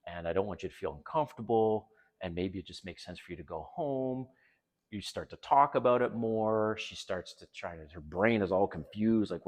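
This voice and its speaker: A middle-aged man with a low voice talks in a loose, candid monologue. He turns animated as he acts out both sides of little exchanges. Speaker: dating advice channel host. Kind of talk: casual monologue.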